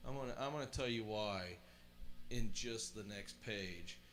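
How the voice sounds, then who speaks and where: A man's voice: lowish voice, measured pace, fairly bright tone, faint music behind. A middle-aged man hosting a livestream, reading a children's book aloud and chatting enthusiastically in rambling asides. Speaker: livestream host. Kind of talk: casual reading and chat on a livestream.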